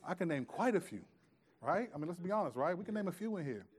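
A man preaching a sermon in a conversational way, swinging from loud, pressing emphasis to hushed, quiet asides. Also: high voice, sing-song, fast. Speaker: pastor.

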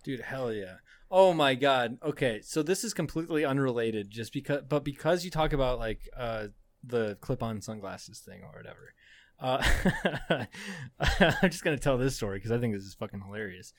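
A man's voice: medium pitch, lively intonation, normal speed, no echo. A young adult man, a podcast co-host, telling a rambling story in casual chat, swearing often and laughing as he goes.

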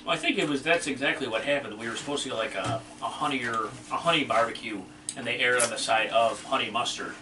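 A man's voice: medium pitch, fast talker. A man co-hosting a wing review podcast, giving blunt, emphatic verdicts in casual chat. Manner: blunt, emphatic, fired-up critic. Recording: echoey room, distant mic, faint noise.

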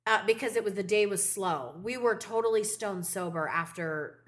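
At a normal speed and medium pitch, this female podcast co-host chats casually, telling stories and cursing freely.

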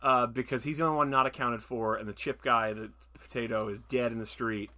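A man's voice: medium pitch, fairly even intonation, brisk, bright, forceful tone. A man co-hosting a podcast in casual chat, swearing freely and acting out quotes in silly voices. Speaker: podcast co-host reviewing a film.

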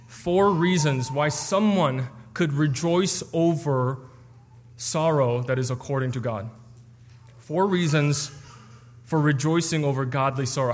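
A man's voice: a little high, in a large hall. A man preaching an expository sermon, explaining a passage earnestly with some stumbles and restarts.

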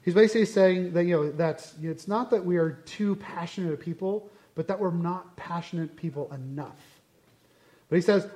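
A man teaching a Bible passage in a casual, conversational way, animated and full of asides. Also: sits high, normal speed.

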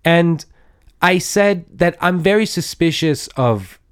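Podcast co-host, male, slightly high voice, rambling, stop-start delivery. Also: animated, clear, resonant tone, dry recording, studio quality. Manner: rambling, halting, lots of restarts and fillers. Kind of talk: casual chat.

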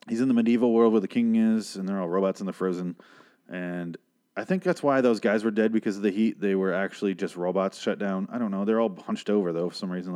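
A man's voice: lowish voice, darkish tone. A young man hosting a podcast, giving a sarcastic, profane recap of a film with incredulous rants. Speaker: podcast host.

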